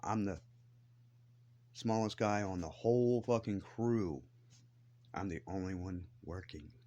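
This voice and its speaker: A man's voice: low voice, measured pace, dark tone, lo-fi sound. A man ranting to the camera in a blunt, defiant way, swearing heavily as he tells his grievances. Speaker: vlogger. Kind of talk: angry profane rant to camera.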